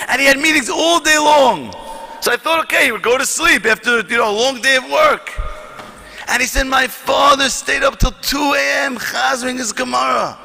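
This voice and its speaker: A man giving an impassioned speech to a conference audience, often rising to shouts as he reads letters aloud. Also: very high voice, in a large hall, a little hiss or hum. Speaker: conference speaker.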